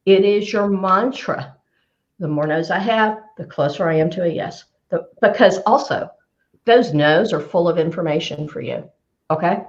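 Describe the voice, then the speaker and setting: A woman career coach giving advice on a live show, emphatic and animated, repeating her key phrases for effect. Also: on the low side, moderate pace, highs cut off.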